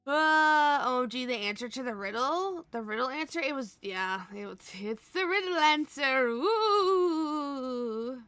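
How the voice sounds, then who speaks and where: A woman's voice: high voice, expressive, a little slow, a bit bright, clear, resonant tone, no room sound, studio quality. An American woman streamer, tired and laughing often, chatting casually with her viewers and greeting them by name. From United States. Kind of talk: casual live-stream chat.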